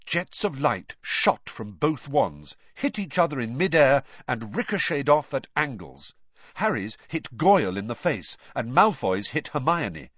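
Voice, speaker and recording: A man narrating a story aloud with expressive, animated storytelling. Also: medium pitch, unhurried, husky, dry recording. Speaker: audiobook narrator. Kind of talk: scripted narration. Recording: dull dry lo-fi audio.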